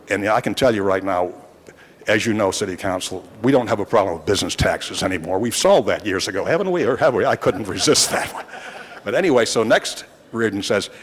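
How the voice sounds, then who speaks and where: With a little hiss or hum in the background, a man in his sixties speaks briskly in a fairly low voice in a large hall. A longtime reporter, he rambles through wry stories for the city council, restarting often.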